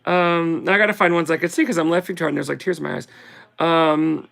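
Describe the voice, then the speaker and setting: A woman in a casual video, reading short holiday poems aloud slowly and sing-song, with chatty asides between them. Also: sits low, steady tone, gravelly, fairly bright tone. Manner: giggly, reads verses slowly and sing-song. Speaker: vlogger.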